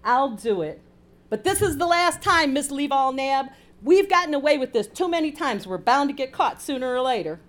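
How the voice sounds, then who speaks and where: A woman's voice: high-pitched, lively intonation, moderate pace, voice pushed up. A woman voicing a wary, gossipy young housekeeper. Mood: reluctant.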